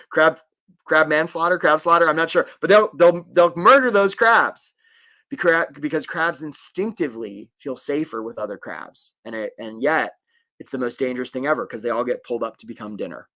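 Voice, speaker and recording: Middle-aged guy running a career webinar, chatty, keeps asking "right?", voice on the higher side. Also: normal speed. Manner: animated, conversational, many "right?" tags. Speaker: career coach. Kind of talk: live webinar teaching.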